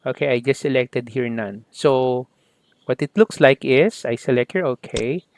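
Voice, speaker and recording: A man teaching a software tutorial step by step, often saying "okay" and "there you go" as he works. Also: medium pitch, normal speed, dry recording. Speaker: software instructor. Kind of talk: screen-recorded software tutorial.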